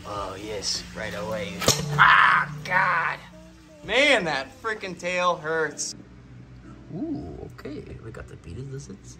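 This man's voice sits on the high side and moves slowly, with loud music playing behind him. In a laid-back vlog, the energetic tattoo artist and reptile keeper tells the camera about feeding his reptiles and his tattoo work, chatting to the animals along the way.

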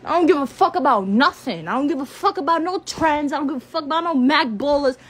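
A woman's voice: sits high, lively intonation, quick pace. An 18-year-old woman ranting angrily on a live stream. She swears constantly, repeats herself, and stumbles over her words when upset. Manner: heated, profane, repeats phrases, stutters when upset. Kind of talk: angry rant on a live stream.

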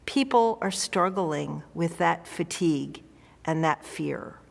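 Slow-speaking woman pastor preaching. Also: lowish voice, expressive, creaky, big-room sound. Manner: conversational, earnest preaching. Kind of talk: sermon. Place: church.

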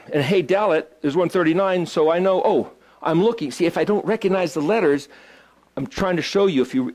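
A man's voice: fairly high pitch, a little mellow. Man teaching, thinking aloud. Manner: thinks aloud, asks the group questions. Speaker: Hebrew study teacher. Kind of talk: informal teaching to a small group.

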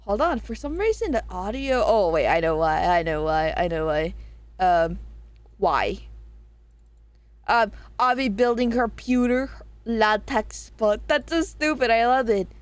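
A woman's voice: mid-range voice, animated, measured pace, no echo. A young woman streamer in casual live-stream chat, reading chat aloud with lots of swearing and laughing. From Southern US.

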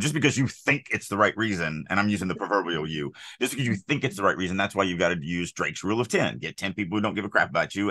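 A man's voice: low-pitched, pushed and bright, dry recording. A middle-aged man co-hosting a writing podcast, talking casually in an opinionated, emphatic way with rambling asides. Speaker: podcast co-host, author. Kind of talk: casual chat on writing craft.

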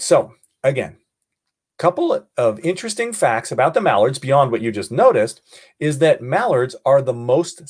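A man's voice: medium pitch, darkish tone. A middle-aged man teaching an online birding lesson as a naturalist, playful, thinking aloud and often dropping to a mutter while he observes. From California.

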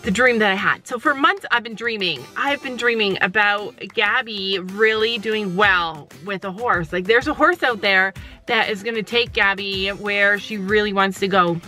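A middle-aged woman and mother chatting excitedly in a casual vlog, full of likes and laughs. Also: mid-range voice, normal speed, faint music behind. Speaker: vlogger mother. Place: outdoors at a horse barn.

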